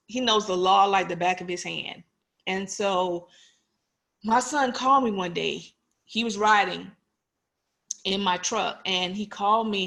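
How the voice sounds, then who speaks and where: A woman's voice: mid-range voice, creaky, fairly bright tone. A woman in her forties, a police officer, giving an earnest, personal talk to an online audience and putting questions to them directly.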